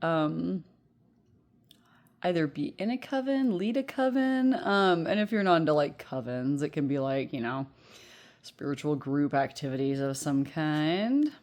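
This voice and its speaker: This tarot reader, a woman in her thirties, has a low-pitched, slightly mellow voice, animated and a little slow. Recording at home through earbuds, she gives a casual pick-a-card reading, chatting and rambling with frequent laughs and fillers.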